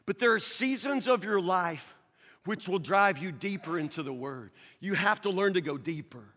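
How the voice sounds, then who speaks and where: A man preaching a sermon as pastor, earnest, with stammering restarts, swinging from loud to hushed. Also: sits high, expressive, normal speed, long reverb tail.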